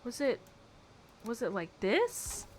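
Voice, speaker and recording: Her voice is on the high side, with wildly swooping pitch, and she speaks slowly over slight background noise. A young woman streaming live, she builds in a game and chats casually, reacting to her chat playfully and with exasperation, laughing often.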